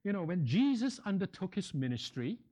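A man's voice: sits high, big pitch swings, fairly quick, warm tone. A man preaching a sermon, emphatic and repeating key phrases for weight.

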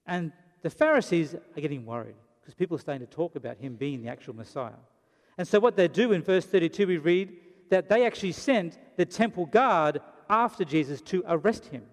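A man preaches a sermon with a dramatic storyteller's delivery and briefly acts out the voices of the people in the story. His voice sits a little high for a man. The sound carries the long reverb of a large hall. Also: very animated, a little fast, hardly any pauses. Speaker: pastor.

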